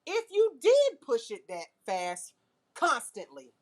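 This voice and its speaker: A woman teaching a nail class, lively and full of questions to her students. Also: high-pitched, slow pace. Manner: lively, asks the class questions, uses car comparisons. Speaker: nail instructor. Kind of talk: classroom lecture.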